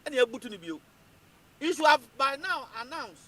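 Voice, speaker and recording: A Ghanaian man giving animated political commentary, emphatic and repetitive, switching between English and Twi. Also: extremely high pitch, moderate pace.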